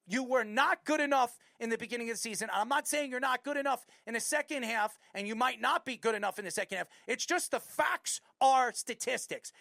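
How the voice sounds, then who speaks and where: A woman with a New York accent hosting a sports talk show, ranting bluntly about a player with loud bursts. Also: high voice, no echo, studio quality. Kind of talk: opinionated sports commentary.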